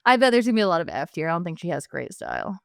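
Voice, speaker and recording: A woman's voice: on the low side, huge pitch swings, creaky, no echo, studio quality. A woman co-hosting a podcast in casual chat, teasing her co-host and asking questions. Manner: teasing, quick to laugh, asks questions.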